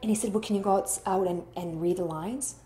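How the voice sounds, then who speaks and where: A woman's voice: fairly low pitch, quick pace, dark tone. A woman actor in an interview, chatty and rambling, telling stories and acting out the dialogue. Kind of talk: candid interview storytelling. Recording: roomy echo.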